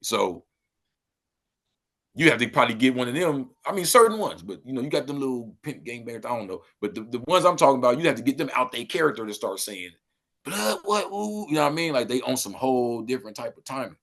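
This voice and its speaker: A man from Los Angeles talking loosely as a podcast guest, breaking into animated exclamations. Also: mid-range voice, fast. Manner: loose street talk, animated and exclaiming when riled. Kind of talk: casual interview chat.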